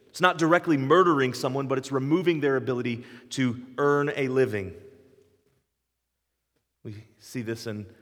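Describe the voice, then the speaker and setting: A man's voice: medium pitch, big-room sound. A man in his forties preaching a sermon, earnest and emphatic, building up with repeated phrases. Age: 40s. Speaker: pastor.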